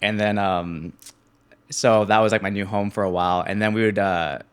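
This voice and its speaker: A man's voice: lowish voice, moderate pace, clean tone. Laughing young man telling a story. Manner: animated, laughs often, acts out quoted voices. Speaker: guest. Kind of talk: casual storytelling interview.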